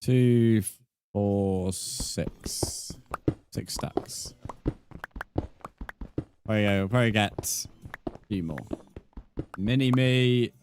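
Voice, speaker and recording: A man's voice: fairly low pitch, extremely slow, long pauses, noisy background. Joking young man streaming. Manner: joking banter with chat, laughs often. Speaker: gaming streamer. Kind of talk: live-stream chat while playing.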